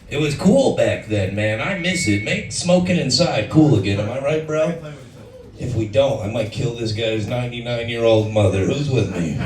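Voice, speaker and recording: A man with a raspy voice doing a brash, crude stand-up comedy set in a bar. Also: medium pitch. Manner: brash, crude, swears freely. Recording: echoey room from far off.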